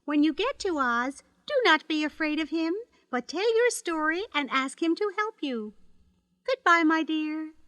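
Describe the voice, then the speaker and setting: A woman's voice: sits high, expressive, a little slow, bright, forceful tone, no echo, voice pushed up, full character voice. A woman doing a kindly, stately good witch. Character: kindly old good witch, gentle and wise.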